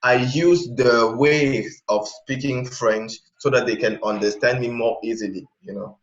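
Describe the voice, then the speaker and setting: A man speaking as an interview guest in casual chat, pausing to search for examples mid-sentence. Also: medium pitch, steady tone. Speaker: interview guest, language learner. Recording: echoey, dull sound.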